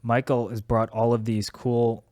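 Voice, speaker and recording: A man's voice: medium pitch, little pitch movement, measured pace, mellow, no echo. A man co-hosting a casual podcast, dropping dry joking quips. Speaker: podcast co-host.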